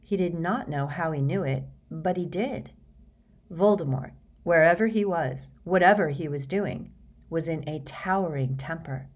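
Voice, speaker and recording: Woman, low voice, audiobook narrator, steady, measured. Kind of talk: scripted narration.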